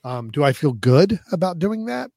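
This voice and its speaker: A man's voice: a little high, sing-song, moderate pace, gravelly, a little mellow, slightly rough, no room sound. Rambling male co-host, dry sound. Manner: rambling, many restarts, laughs easily. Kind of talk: casual tech chat.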